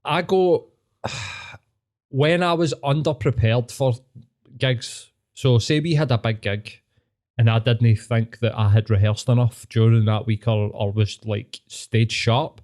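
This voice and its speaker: A man's voice: medium pitch, slow, a little mellow. A man with a Glaswegian Scottish accent, a podcast guest talking earnestly and reflectively, swearing and saying "mate" a lot. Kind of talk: casual podcast chat.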